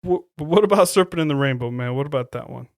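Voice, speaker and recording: A podcast co-host with a medium-pitched, creaky voice talks fast in clean studio audio with no echo. During casual chat he swears heavily and tells stories animatedly, acting out quoted lines as he relives scenes.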